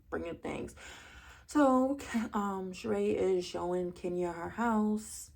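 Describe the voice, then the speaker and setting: A woman talks through a reality TV episode in a casual, gossipy review, tossing out sassy asides and rhetorical questions. Her voice carries a gravelly fry and a husky edge. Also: medium pitch, a little mellow.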